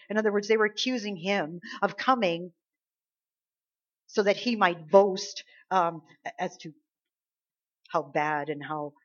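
Woman preacher, mid-pitched, emphatic, exhorting, slightly dull lo-fi sound. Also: fairly bright tone. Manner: emphatic, exhorting, rising and dropping in volume. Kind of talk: sermon.

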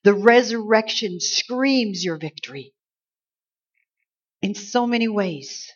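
A woman preaching a conversational Easter sermon, acting out quoted lines with lively emphasis. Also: medium pitch, slow, husky. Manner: conversational, animated, acts out angels' lines. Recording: slightly dull lo-fi sound.

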